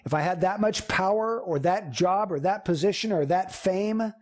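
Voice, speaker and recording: High-voiced emphatic male preacher. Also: moderate pace. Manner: earnest, emphatic preaching with repeated phrases. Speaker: pastor. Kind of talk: sermon.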